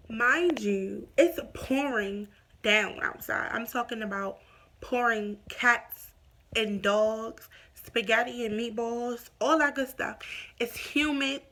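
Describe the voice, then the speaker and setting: Young woman vlogger, casual storytime, animated retelling, slightly high voice. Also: unhurried. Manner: animated retelling with quoted dialogue. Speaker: YouTuber telling a story.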